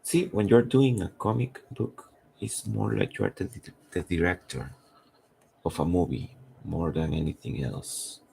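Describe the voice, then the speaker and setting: A man, a comic artist who is losing his voice, thinking aloud in halting, rambling commentary while he draws on a live stream. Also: sits low, gravelly, warm tone, a little hiss or hum.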